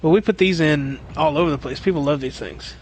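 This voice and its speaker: A man's voice: fairly high pitch, a little fast, a little hiss or hum. A man who works as a plumber, telling a long job story in casual, profane chat on a podcast. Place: remote podcast call.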